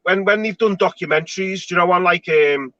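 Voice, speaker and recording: A man's voice: high voice, a little fast, a bit bright, no room sound, muffled recording. A man hosting a casual online panel chat, talking in a chatty, rambling way with frequent restarts. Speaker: show host.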